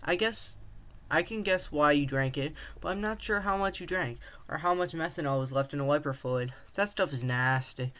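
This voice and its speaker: A man reading aloud, voicing a friendly male rattlesnake that grants wishes, in a calm, matter-of-fact way of explaining things. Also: a little high, moderate pace.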